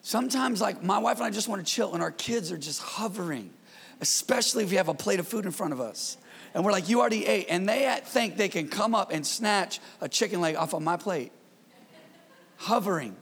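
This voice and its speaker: A man preaching as pastor in his church, in a lively, conversational style with call-and-response to the congregation. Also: high-pitched, moderate pace, creaky, breathy edge, big-room sound. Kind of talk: sermon.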